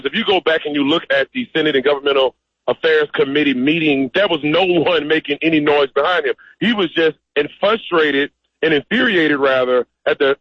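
A man's voice: fairly high pitch, slightly rough, no echo, dull audio. A man as a radio interview guest, speaking emphatically and directly. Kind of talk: phone-in interview.

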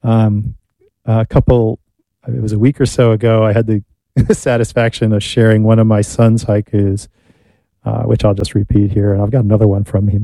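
A middle-aged man co-hosting a radio show, playful and a bit halting in casual chat. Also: on the low side, gravelly, dark tone, no echo. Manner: playful, halting with repeated words. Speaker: radio co-host.

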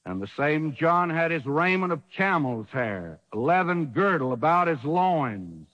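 A man preaching a sermon with emphasis, rhetorical questions and dramatic pauses. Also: a little high, very animated, fairly bright tone, in a large hall, dull audio.

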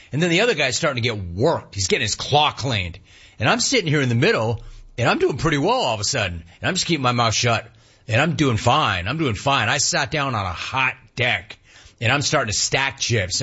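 A man's voice: medium pitch, slightly rough, dull audio. A man hosting a sports radio show, telling a casual story and acting out the voices in it. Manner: animated storyteller, acts out voices in anecdotes.

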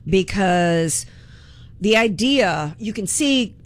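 A woman's voice: mid-range voice, expressive, slow. A woman hosting talk radio, delivering an impassioned, indignant political monologue and repeating words when worked up.

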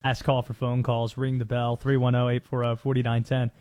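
A man's voice: medium pitch, monotone, a little fast, a little mellow. A man hosting a sports radio show, playfully quizzing a guest on slang in casual studio banter. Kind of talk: casual sports talk quiz.

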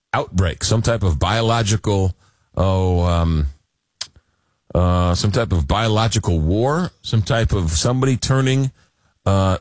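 A man's voice: on the low side, dry recording, studio quality. A man hosting a talk radio show, chatty and jokey, often repeating words as he goes.

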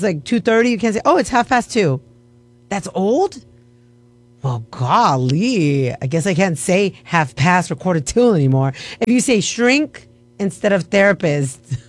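A woman hosting a radio segment, chatting in a playful, mock-offended way. Her pitch swings widely as she talks, and she laughs often. She sounds like a radio host bantering on air.

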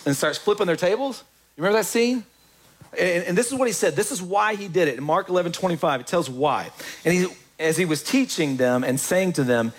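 A male pastor preaching to his congregation. He talks in a loose, conversational way, cracks jokes and throws in asides to his listeners. His voice sits a little high for a man. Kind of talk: sermon.

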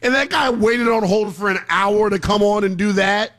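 A man hosting a late-night sports call-in radio show, animated and quick to laugh and shout back at callers. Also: high voice. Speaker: radio host.

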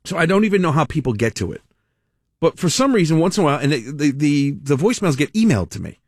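Rambling radio host, dry. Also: male voice, fairly high pitch, big pitch swings, fast talker, husky, no room sound. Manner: rambling, laughing, self-interrupting. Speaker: radio talk show host. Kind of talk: casual on-air talk.

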